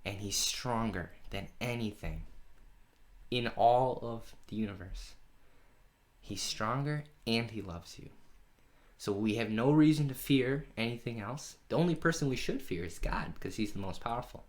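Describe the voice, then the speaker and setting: A man leading a children's Bible lesson from home, telling the story in an animated way and asking the kids questions. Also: mid-range voice, normal speed. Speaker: children's pastor. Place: home during lockdown.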